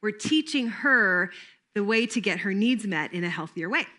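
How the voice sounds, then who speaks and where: A woman's voice: mid-range voice, lively intonation, moderate pace, bright, forceful tone. A woman giving a recorded training talk in an upbeat, playful teaching manner.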